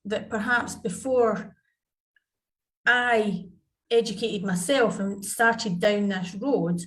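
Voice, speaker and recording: A woman's voice: medium pitch, slow pace. A woman, telling parenting stories in a chatty, anecdotal way on a video call. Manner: chatty, anecdotal, acts out family dialogue. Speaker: podcast guest, parenting coach. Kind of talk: conversational interview.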